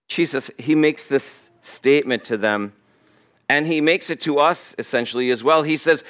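A male pastor preaching a sermon, swinging between loud emphasis and hushed asides. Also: medium pitch, normal speed.

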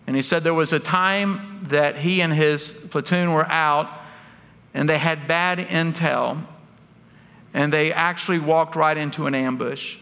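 A man's voice: on the high side, steady tone, unhurried, bright, forceful tone. A man, preaching a sermon as pastor, telling stories earnestly with touches of humor. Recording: long hall reverb.

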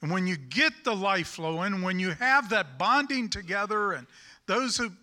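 A man's voice: sits high, lively intonation, moderate pace, sharp tone. A man with a Southern US accent preaching a sermon in a folksy, rambling way, with self-deprecating humor.

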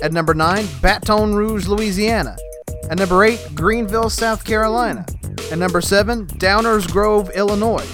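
A man's voice: sits high, moderate pace, over music. A man hosting a comedy podcast, chatting playfully and getting exasperated with his sidekick. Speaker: podcast host.

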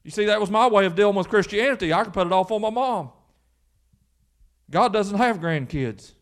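A man's voice: high voice, expressive, a little fast. A man preaching a sermon as pastor, emphatic and full of rhetorical questions.

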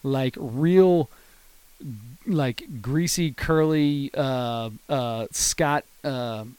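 A man's voice: medium pitch, extremely slow, clean tone, no echo. A man in his thirties, a podcast co-host, telling a funny story in casual chat. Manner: animated storyteller, laughs hard at his own story.

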